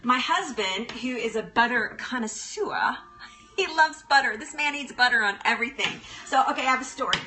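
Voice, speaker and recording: A woman's voice: a little high, expressive, normal speed, pushed and bright, faint music behind. A woman hosting a live cooking demonstration in her kitchen, chatty and bubbly, often laughing as she talks to her viewers. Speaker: cooking show host. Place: kitchen at the stove. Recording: sizzling frying pan in background.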